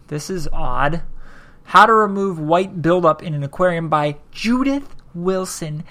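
A man's voice: on the high side, a little slow, fairly bright tone. Rambling, sarcastic man hosting a podcast. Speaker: podcast host. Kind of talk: casual podcast monologue, reading articles aloud.

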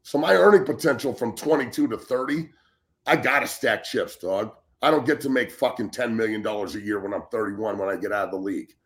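A man in his forties, a former football player now appearing as a show guest, rants bluntly on a casual sports talk show. His voice sits on the low side, a bit bright and brisk, and his heated delivery is heavy with swearing. He often restarts, repeating words as he begins sentences.

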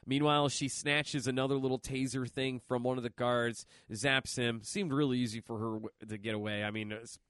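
A man's voice: medium pitch, fairly even intonation, a little fast, hardly any pauses, a bit bright, smooth, dry recording, studio quality. A man hosting a podcast, casually recapping a comic story, rambling with lots of fillers and swearing. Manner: rambling, profane, filler-heavy. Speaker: podcast host.

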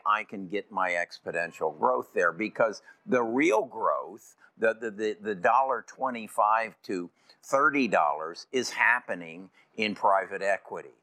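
Older man, bright and forceful. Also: lowish voice, dry recording. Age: 70s. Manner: repeats words and restarts, emphatic. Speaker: investor. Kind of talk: explaining investment views.

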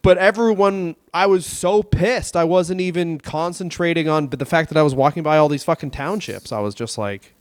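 A fairly high-voiced man from Canada trades rambling, swear-laden stories as a podcast co-host. The recording is dry, with no room sound. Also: normal speed, few pauses, no room sound. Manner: profane, rambling anecdotal storytelling. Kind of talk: casual comedic chat.

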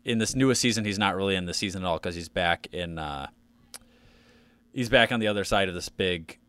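A man's voice: low voice, a little fast, fairly bright tone, smooth, no room sound. A man co-hosting a casual podcast, rambling through topics with lots of fillers and restarts. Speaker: podcast co-host.

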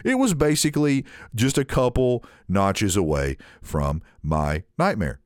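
A man with a fairly low voice co-hosts a casual podcast and tells a meandering, animated story. He slips into quick impressions of the people he describes. The sound is close and dry, with no room around it. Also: no echo. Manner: rambling, animated anecdote with mimicked voices. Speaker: podcast co-host.

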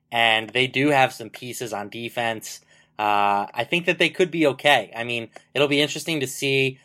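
A man co-hosting a sports betting podcast, giving relaxed analysis with lots of fillers. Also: medium pitch. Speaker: podcast co-host. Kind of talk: casual sports betting chat.

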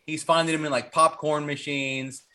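A man co-hosting a podcast, casually recapping a horror movie in a rambling, profane, animated way. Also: a little high, normal speed. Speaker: podcast co-host.

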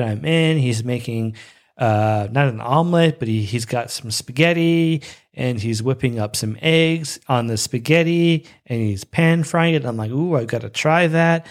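A young man hosting a show, casually reviewing an episode with bursts of excited, high-pitched enthusiasm. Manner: excitable, breaks into high-pitched squeals of delight.

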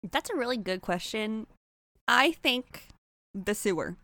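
A woman's voice: on the high side, lively intonation, a little slow, bright, forceful tone, no echo. A woman playing a tabletop game, chatting casually, laughing often and swearing now and then. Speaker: player.

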